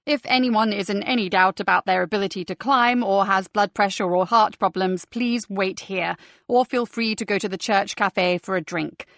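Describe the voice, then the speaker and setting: A fussy male tour guide in an audiobook, drawing out his words with theatrical flourish, as a woman narrator puts him on. His voice is mid-pitched and dry, with no room around it. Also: vocal fry, a bit bright, no room sound. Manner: slow, showy tour-guide delivery. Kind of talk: audiobook character voice.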